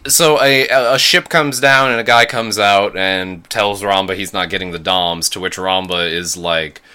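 Low, bright-toned man recapping casually. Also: moderate pace, smooth. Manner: swears freely, acts out lines. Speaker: podcast co-host. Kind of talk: casual episode recap chat.

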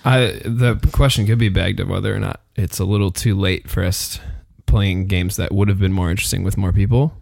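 A man's voice: deep voice, fairly even intonation, brisk, gravelly, few pauses, a little mellow, no echo, clean studio sound. A man co-hosting a casual gaming podcast, rambling and joking with friends. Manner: playful, rambling, jokey. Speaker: co-host.

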